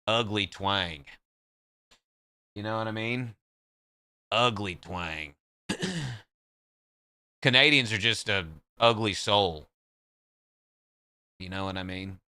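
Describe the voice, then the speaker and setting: A man's voice: on the low side, slow pace, pauses often, sharp tone, smooth. A man streaming live, trading joking, profane banter with his chat in casual talk.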